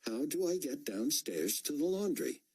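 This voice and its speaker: A cool-headed young woman presses calm, probing questions, as voiced by a man reading an audiobook. Her lines sit higher than a low husky voice and move in a lively way. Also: moderate pace.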